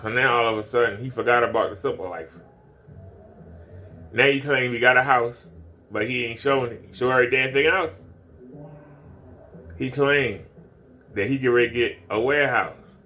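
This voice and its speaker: A man's voice: medium pitch, moderate pace, pauses often, pushed and bright, a little hiss or hum. Man ranting in a mocking, repetitive way. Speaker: commentary streamer. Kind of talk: ranting commentary.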